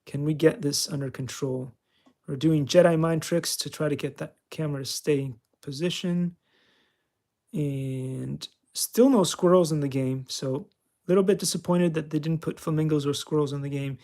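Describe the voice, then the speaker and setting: Playing a flight simulator, this Californian channel host gives casual gameplay commentary, chatty and joking as he coaches and teases himself. His somewhat higher-than-average male voice has a gravelly edge and a darkish tone, delivered steadily at a moderate pace.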